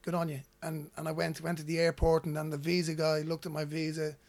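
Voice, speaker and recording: A man's voice: fairly high pitch, monotone, brisk, darkish tone. A man from Ireland with an Irish accent, a guest telling personal stories in a loose, repetitive way. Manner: rambling, repeats words when starting sentences. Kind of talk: casual storytelling.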